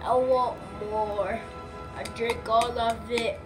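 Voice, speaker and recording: A woman voicing a whiny little boy hungry for sugar, sighing and talking slowly. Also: a little high, level tone, pitched below the performer's own voice. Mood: sulky. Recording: clear music behind.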